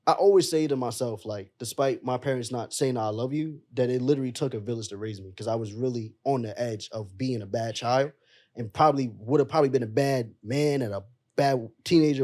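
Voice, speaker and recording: A young man appears as a podcast guest, sharing a personal story with emotion and sincerity. His mid-range voice is dark in tone and moves briskly, and he keeps calling the listener bro, the way he talks about his friends.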